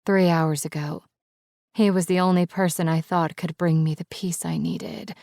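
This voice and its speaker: A woman's voice: fairly low pitch, fairly even intonation, normal speed, darkish tone, no room sound, studio quality. A woman narrating an audiobook in the first person, with a dramatic, emotional delivery.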